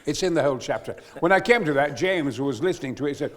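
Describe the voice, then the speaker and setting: An older man spinning a stage anecdote with huge theatrical energy, his voice leaping across a wide range. His pitch sits fairly high for a man, and he bursts into booming shouts. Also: animated, quick pace. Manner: exuberant, theatrical storyteller, sudden booming outbursts. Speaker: guest actor. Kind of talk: live onstage anecdote. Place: cinema stage at a live event.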